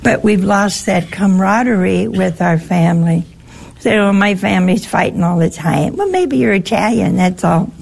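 A woman's voice: mid-range voice, expressive, normal speed, darkish tone. An American woman, a religious sister, giving a chatty, teasing talk full of anecdotes to a live audience. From United States. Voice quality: gravelly and husky.

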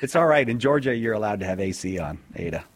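A man hosting a live call-in radio show, playful and animated, joking with his co-host. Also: on the low side, quick pace. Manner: animated, playful, jokes and mimics.

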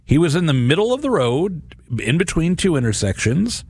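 A man's voice: fairly high pitch, big pitch swings, normal speed, darkish tone, breathy edge, no echo, studio quality. A middle-aged man hosting a radio reflection on scripture, talking earnestly and conversationally with frequent restarts. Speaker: radio host. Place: radio studio.

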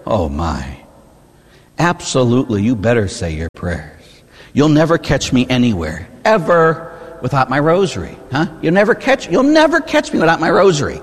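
Animated priest preaching in a reverberant church. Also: male voice, fairly high pitch, moderate pace. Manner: animated storytelling, rhetorical questions with "huh?". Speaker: Catholic priest. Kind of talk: sermon.

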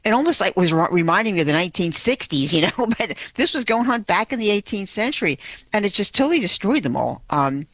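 A woman's voice: medium pitch, sing-song, quick pace, fairly bright tone, no echo. A woman who is a guest on a talk radio show, telling a story with enthusiasm and lots of fillers like "you know.". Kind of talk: casual talk radio chat.

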